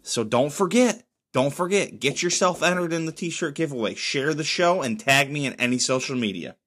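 A young adult man hosting his own podcast, rambling casually and swearing freely while sipping beer. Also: normal speed. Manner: rambling, profane, lively pitch swings. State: drinking beer while recording. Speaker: podcast host. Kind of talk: casual solo podcast monologue.

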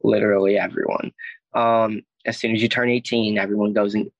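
The guest, a young man from Alabama, rambles through a personal tale in a brisk, level voice on the low side, peppered with "like," "I was like," and frequent profanity. There's no room sound, and the audio comes across dull.

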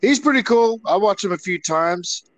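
A man's voice: high-pitched, lively intonation, moderate pace, a bit bright, low-quality recording. A man co-hosting a podcast, chatting casually and laughing often. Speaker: podcast co-host. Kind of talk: casual banter.

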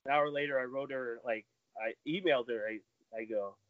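Animated storytelling man, laughing often. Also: a little fast, dry recording. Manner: animated, laughs often, acts out quotes in a higher voice. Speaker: podcast guest. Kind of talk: casual storytelling chat. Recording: dull lo-fi sound.

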